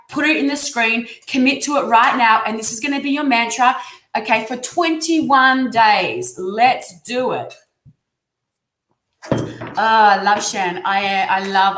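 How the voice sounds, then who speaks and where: A woman's voice: on the high side, a bit bright, slight background noise. A woman with an Australian accent giving effusive, encouraging tarot readings on a live stream. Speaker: tarot reader. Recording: echoey room sound.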